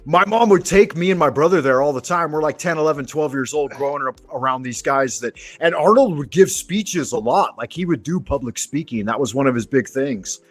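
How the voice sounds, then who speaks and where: A man's voice: on the high side, fairly quick, hardly any pauses, faint music behind. Profane storytelling man. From Southern California. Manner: rambling, profane, animated anecdotes. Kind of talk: casual conversational storytelling.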